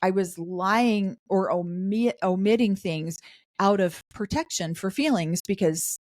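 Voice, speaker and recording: A middle-aged woman co-hosting a podcast, chatting casually about a show and acting out the cast's lines in quick asides. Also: mid-range voice, darkish tone, no echo, studio quality. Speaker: podcast co-host. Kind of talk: casual recap chat.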